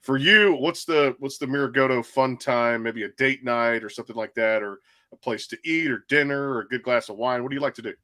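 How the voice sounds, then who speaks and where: A man's voice: mid-range voice, a little fast, pushed and bright. Easygoing man hosting a chat. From Texas. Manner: easygoing, rambling questions, frequent throat clearing. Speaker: host. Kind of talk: casual interview chat.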